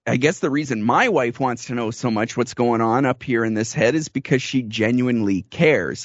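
A man's voice: mid-range voice, no echo. Reflective man, dry muffled sound. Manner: reflective, laughs often. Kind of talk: casual chat about marriage.

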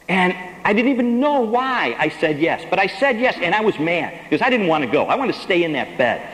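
A man's voice: sits high, sing-song, fast talker, hardly any pauses, a bit bright, echoey room, big-room sound, poor audio. A man giving a sermon testimony, telling his story with emphasis and acting out the lines he quotes.

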